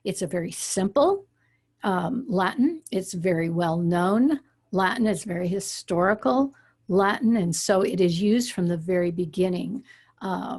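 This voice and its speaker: A woman's voice: mid-range voice, darkish tone, breathy edge. A woman teaching an online Latin class, explaining patiently with frequent okays and ums. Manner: explanatory, uses frequent fillers like okay and um.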